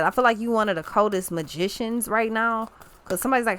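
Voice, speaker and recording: A woman's voice: a little high, quick pace, fairly bright tone. A young woman talks through a tarot reading in a loose, casual way. She rambles, restarts her thoughts and leans on slang for emphasis. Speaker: tarot reader.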